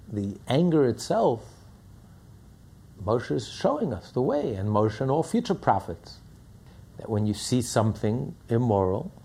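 Male rabbi lecturing, emphatic, gravelly and lively in pitch. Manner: emphatic, repeats phrases while building a point. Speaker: rabbi teaching a class. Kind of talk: Torah lecture.

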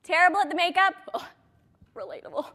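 A woman's voice: high-pitched, animated, moderate pace, a bit bright. A woman in her thirties coaching a direct sales audience in a chatty motivational talk, with rambling, self-deprecating asides.

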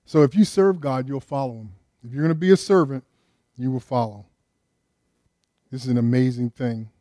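A man's voice: mid-range voice, normal speed, warm tone, dry recording, clean studio sound. An older man preaching a sermon with emphasis, often putting questions to his congregation. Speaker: pastor.

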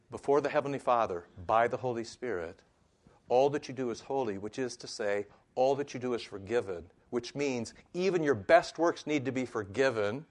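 A man preaching in a conversational teaching style. His voice sits at an ordinary middle pitch. He climbs to sharp, emphatic rhetorical questions and then drops back to a plain, low-key explanation. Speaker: pastor teaching a class. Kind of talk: teaching sermon.

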